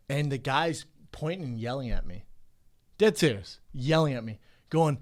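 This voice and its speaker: A man's voice: mid-range voice, expressive, normal speed. A man in his thirties co-hosting a podcast, telling stories in a loose, profane way. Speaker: podcast co-host, fighter. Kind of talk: casual podcast chat.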